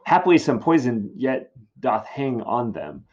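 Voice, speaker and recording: A man's voice: mid-range voice, sing-song, unhurried, a little mellow. A man reading the lines of a grieving young woman aloud from a play, in a dull lo-fi recording. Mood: mournful. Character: grief-stricken young woman, Juliet.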